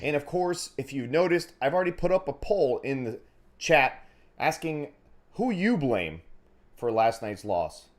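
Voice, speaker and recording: Animated man hosting a fan podcast. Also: medium pitch, measured pace. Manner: animated, profane ranting. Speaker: podcast host. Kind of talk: casual podcast chat.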